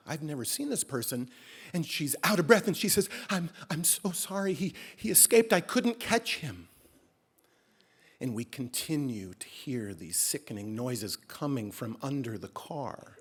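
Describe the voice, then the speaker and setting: On stage at a story slam, a man tells a true story from his own life, animated and dropping in deadpan comic exaggeration. His voice is mid-range with a breathy edge.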